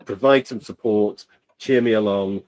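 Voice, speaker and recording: A man's voice: on the low side, unhurried, a little mellow, rough recording. A man co-hosting a podcast, talking casually and rambling with lots of fillers, from the UK. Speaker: podcast co-host. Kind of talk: casual chat.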